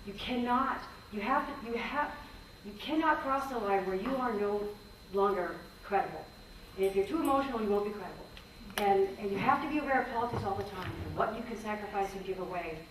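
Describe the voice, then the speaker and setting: A woman's voice: medium pitch, lively intonation, a little fast. Woman presenter, earnest and candid, many restarts; distant mic in a reverberant hall. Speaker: symposium presenter, former range conservationist. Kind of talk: conference talk with questions. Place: conference hall. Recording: echoey hall, distant mic, faint noise.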